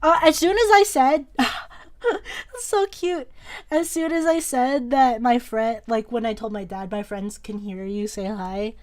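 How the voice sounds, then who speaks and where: Young woman, slightly high voice, casual stream chatter, giggly, rambling, home desk mic. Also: slow pace, darkish tone. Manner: rambling and giggly, repeats and restarts words. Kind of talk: casual chat while drawing on stream.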